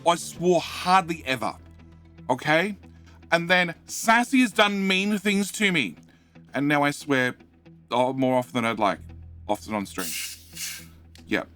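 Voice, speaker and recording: A middle-aged Australian man with a light accent, chatting on a game live stream. His voice is bright and a bit high, and he rambles and laughs at himself between fillers. Faint music plays behind him. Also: very animated, measured pace, pauses often. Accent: Australian, though light. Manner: rambling, self-mocking, reads chat aloud; many fillers and restarts. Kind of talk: casual live-stream chat.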